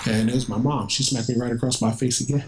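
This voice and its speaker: A man talking to a room of students, his voice sitting at an everyday middle pitch. He tells his story in a relaxed, conversational way and brings remembered exchanges to life. A faint hiss runs under the recording. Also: quick pace. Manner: conversational, vivid, acts out remembered dialogue. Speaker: guest speaker at a school. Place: school, indoors.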